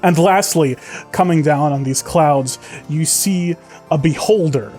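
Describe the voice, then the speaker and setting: Man narrating a tabletop game, slightly high. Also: a little mellow, soft background music. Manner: vivid, halting narration with many fillers. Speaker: game master.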